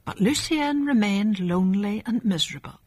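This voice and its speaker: A woman narrating a children's storybook in a calm, measured reading. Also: mid-range voice.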